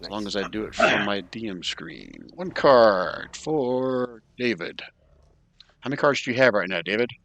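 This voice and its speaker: A man's voice: lowish voice, fast talker, gravelly, few pauses. A man acting as game master, casually opening a tabletop session and reading a recap aloud. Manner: relaxed, casual, reads recap aloud with filler uhs. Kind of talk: running a tabletop game over voice chat.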